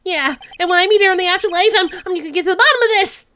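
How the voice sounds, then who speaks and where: A woman's voice: rapid-fire, pushed and bright, a little hiss or hum. Woman doing a nasal whiny slacker dude. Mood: panicky. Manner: whiny, rambling, high-pitched. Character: nasal slacker young man defendant. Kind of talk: game voice-over.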